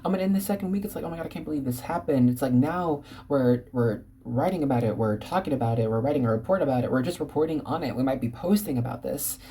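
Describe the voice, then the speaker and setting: Woman, tarot reader, very deep for a woman, warm mellow tone, bubbly, rambling. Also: lively intonation, fast, hardly any pauses, a little hiss or hum. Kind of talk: casual tarot reading to viewers.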